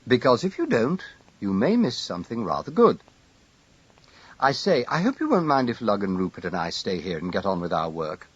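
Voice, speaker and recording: A man voicing a brisk, cheerful young woman who gives friendly instructions. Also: on the low side, big pitch swings, husky, no echo, dull audio. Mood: breezy.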